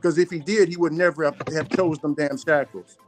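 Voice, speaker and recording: High voice guy hosting a stream, keeps restarting, insistent, music in back. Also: steady tone, a little fast. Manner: repetitive, stumbling, insistent. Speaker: show host. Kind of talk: casual streamed chat.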